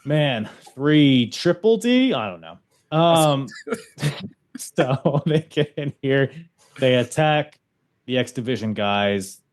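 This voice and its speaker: A man's voice: medium pitch, animated, slow pace. A man hosting a podcast, recapping events in a loose, casual chat and laughing often. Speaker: podcast host.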